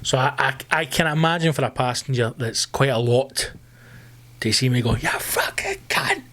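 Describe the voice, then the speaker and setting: Scottish male podcast host, loud, profane, ranting delivery. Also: medium pitch, normal speed. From Scotland. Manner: loud, sweary ranting, bursts into screamed outbursts. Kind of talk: solo comedy podcast rant.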